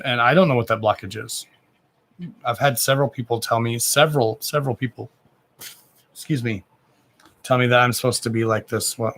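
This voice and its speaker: A man's voice: medium pitch, a bit bright, poor audio. A man hosting a live psychic reading stream, chatting in a rambling, casual way, swearing now and then and talking to his pets.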